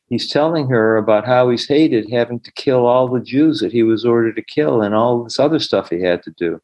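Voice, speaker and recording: Speaking at a medium pitch and moderate pace, a man with a darkish tone tells earnest stories as a podcast guest in an interview, acting out the voices of people he quotes. He is a middle-aged healer, and the recording has its highs cut off.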